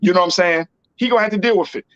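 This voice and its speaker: Animated, slangy male talk show host. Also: high voice, rapid-fire, dry recording, muffled recording. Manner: animated, emphatic, slangy and repetitive. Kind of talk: casual political talk show chat.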